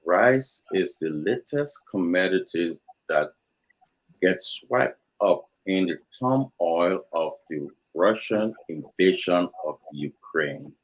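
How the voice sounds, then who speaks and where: A man's voice: low-pitched, expressive, slow pace, husky, rough recording. A man, arguing his point insistently in a heated political debate and repeating himself when cut off. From Liberia. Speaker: panel guest.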